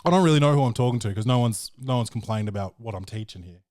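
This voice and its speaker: A man's voice: medium pitch, fast talker, darkish tone, no echo, studio quality. A man hosting a podcast, recapping a film in a brash, profane and joking way. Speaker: podcast host. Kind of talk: casual film review chat.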